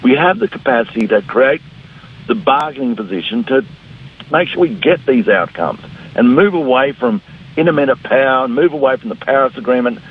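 A man's voice: mid-range voice, animated, brisk, slightly rough. A middle-aged Australian man, a politician giving a blunt, combative radio interview. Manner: blunt, combative, mimics opponents. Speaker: politician guest. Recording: phone-line interview audio.

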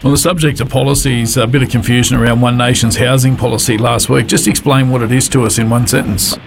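Australian man, radio host, gravelly voice, casual questions, faint background noise. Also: medium pitch, steady tone, quick pace. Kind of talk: radio interview.

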